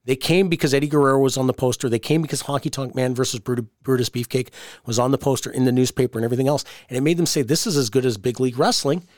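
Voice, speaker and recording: Podcast guy spinning a wrestling story, does all the voices, medium pitch, dry close mic. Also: very fast, no echo. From Canada. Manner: animated storyteller acting out quoted voices. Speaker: podcast host, wrestling promoter. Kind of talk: casual storytelling chat.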